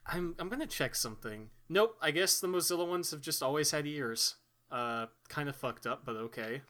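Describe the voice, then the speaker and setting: Bright-voiced joking young man, podcast host. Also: a little high, expressive. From Texas, United States. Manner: rambling, joking, quick to laugh. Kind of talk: casual comedic chat.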